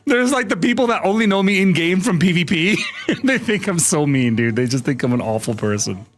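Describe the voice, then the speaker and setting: A man's voice: high-pitched, expressive, a little fast. A young man live streaming, ranting at his chat in mock exasperation, swearing and laughing. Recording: faint music behind. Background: faint music.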